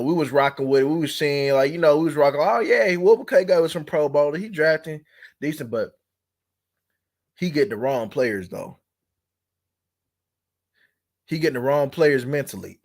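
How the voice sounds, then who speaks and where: A man doing casual, laughing sports chat on his channel, heavy with slang and cursing. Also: medium pitch. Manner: animated, laughing, swearing, slangy. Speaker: sports YouTuber.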